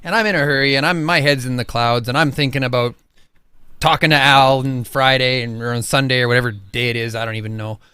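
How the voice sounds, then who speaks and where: A man's voice: medium pitch, steady tone, fast, sharp tone, clear, resonant tone, no echo. A man hosting a podcast, telling stories animatedly and emotionally, casually swearing. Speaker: podcast host. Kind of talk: casual interview chat.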